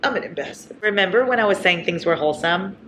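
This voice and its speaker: A woman's voice: fairly low pitch, animated, fast, fairly bright tone, slight background noise. A young woman in her twenties, chatting casually and dramatically in a reading vlog from home. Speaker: book vlogger. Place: indoors at home.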